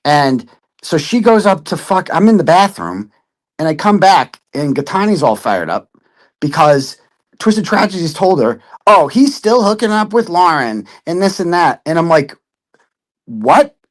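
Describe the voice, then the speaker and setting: A man's voice: fairly high pitch, very animated, a little slow. A man in casual chat, telling a story with lots of swearing and putting on other people's voices. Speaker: podcast guest.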